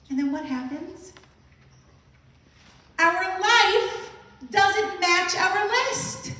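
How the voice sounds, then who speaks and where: A woman giving an animated motivational talk to an audience, telling stories and asking the room questions. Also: extremely high pitch. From Brooklyn, US. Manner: animated storytelling, acting out her own reactions. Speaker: inspirational speaker. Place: large hall at a museum event. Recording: echoey hall, voice from far off.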